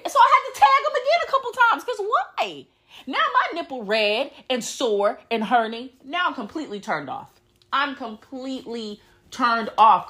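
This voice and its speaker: Young woman podcast host, solo rant, blunt and profane, wide pitch swings. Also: a bit bright.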